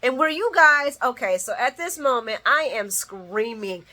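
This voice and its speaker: Bright-voiced woman recapping emotionally. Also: fairly high pitch, expressive, a little slow, hardly any pauses. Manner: emotional, rambling, shouts at the screen. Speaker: soap opera recap host. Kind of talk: casual spoken recap.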